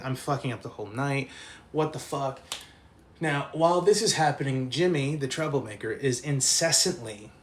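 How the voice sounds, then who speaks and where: A man's voice: mid-range voice, a little hiss or hum. A man telling a rowdy anecdote in casual talk, laughing often and swearing freely.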